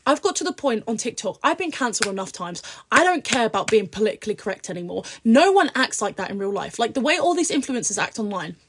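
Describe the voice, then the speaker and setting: A young British woman, an influencer guest, chatting bluntly and profanely on a podcast, swinging from low mutters to loud outbursts. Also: very animated, fast, hardly any pauses, noisy background. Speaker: social media influencer guest. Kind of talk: casual podcast chat.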